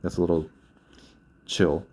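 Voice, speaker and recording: Young guy teaching grammar, low voice, mellow, keeps rephrasing himself patiently. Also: flat delivery, a little slow, husky. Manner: patient, repeats and corrects himself. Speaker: Korean language teacher. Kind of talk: explaining grammar at a whiteboard.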